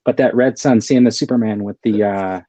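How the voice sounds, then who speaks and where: A man co-hosting a live show in casual chat, relaxed and rambling. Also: on the low side, brisk, no room sound, dull audio. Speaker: co-host.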